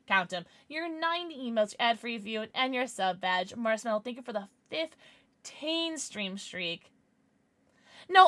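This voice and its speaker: A young woman streamer talking casually to her chat, with a bright, tense voice pitched a little high. She rambles and trips over her words with many restarts and fillers. She sounds frustrated as she vents. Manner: frustrated, venting; baby-talk to her dogs.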